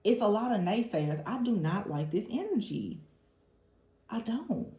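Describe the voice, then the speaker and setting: A woman talks through a tarot reading with lively exasperation, now and then mimicking the people she describes. Her voice sits in a middle range. The room around her adds a noticeable echo. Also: medium pitch, normal speed. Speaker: tarot reader. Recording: roomy echo.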